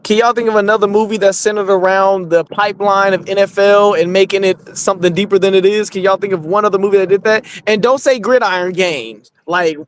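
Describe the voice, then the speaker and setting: A man's voice: high-pitched, steady tone, brisk, hardly any pauses. A man co-hosting a movie podcast in casual, rambling chat, swearing freely. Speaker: podcast co-host.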